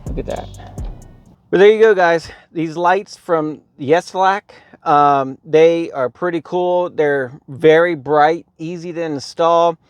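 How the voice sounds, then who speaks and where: A man's voice: on the high side, takes it slowly, smooth, no echo, muffled recording, faint music behind. A man talking casually in a how-to vlog from inside his car, rambling with lots of "um" and "right here" as he points things out. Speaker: car vlogger.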